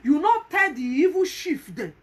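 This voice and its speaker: A woman's voice: sits high, big pitch swings, normal speed. A woman with a Nigerian Pidgin accent giving emphatic, repetitive vlog commentary and pleading with viewers. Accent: Nigerian Pidgin English. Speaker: vlogger.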